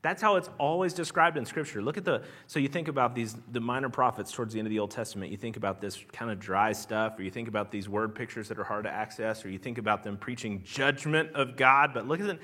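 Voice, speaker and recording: A pastor preaching a sermon in an earnest, conversational way with a regional Southern American accent, restarting phrases and swelling into emphatic lines. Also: male voice, mid-range voice, fast talker, few pauses, sharp tone. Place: church sanctuary.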